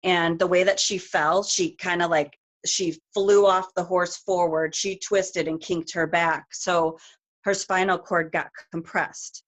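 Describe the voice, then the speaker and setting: A middle-aged woman, a guest speaker, telling a personal story on a group call in a rapid, emotional way with lots of fillers. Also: on the low side, steady tone.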